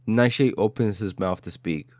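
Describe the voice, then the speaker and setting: A man's voice: lowish voice, normal speed, a little mellow, no room sound, clean studio sound. A man narrating an audio story in a dramatic style, with short, clipped phrases.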